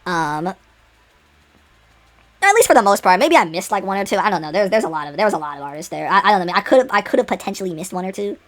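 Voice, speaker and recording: A young adult woman chats unscripted to her viewers, circling through fillers and false starts. Her voice sits at a middling pitch but leaps up whenever she gets excited. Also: fast. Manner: rambling, with many fillers and restarts; excitable, with sudden jumps in pitch. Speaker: vlogger. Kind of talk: unscripted casual chat.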